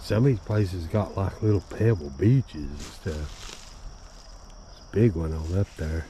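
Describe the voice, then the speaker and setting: Low, slow, tipsy man outdoors. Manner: rambling, profane, chuckling. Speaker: bikepacking vlogger. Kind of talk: rambling outdoor vlog. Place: outdoors by a river. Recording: outdoor recording with loud nature noise. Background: crickets and insects.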